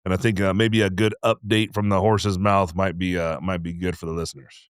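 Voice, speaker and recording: A man co-hosting a relaxed podcast in a fairly low voice, teasing his partner and swearing freely. He laughs often. The mic is close and dry. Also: brisk, smooth, dry recording. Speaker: podcast co-host. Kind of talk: casual podcast chat.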